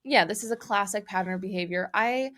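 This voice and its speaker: A woman co-hosting a chatty pop-culture podcast. Her voice sits at a middle pitch, and she talks in quick, teasing bursts of banter with a sound. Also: fairly bright tone. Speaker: podcast co-host. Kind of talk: casual pop-culture chat.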